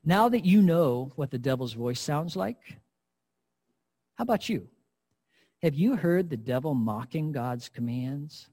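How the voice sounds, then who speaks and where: Male preacher, sermon, husky voice, slightly high pitch, earnest and emphatic. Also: lively intonation, unhurried, pauses often, dark tone. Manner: earnest, emphatic, addressing listeners directly.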